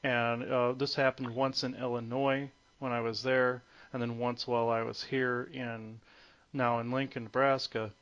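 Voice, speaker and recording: A man's voice: mid-range voice, flat delivery, unhurried, fairly bright tone, smooth. Hesitant man on muffled phone audio. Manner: hesitant, many fillers and restarts. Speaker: guest. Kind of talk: conference call interview.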